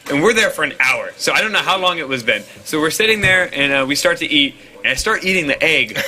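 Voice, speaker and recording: A man's voice: fairly high pitch, lively intonation, fast, pushed and bright, soft background music. A young man co-hosting a podcast, telling a story in casual, profane, filler-heavy talk and mimicking the people in it. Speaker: podcast co-host. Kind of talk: casual storytelling among friends. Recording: co-hosts laughing in background.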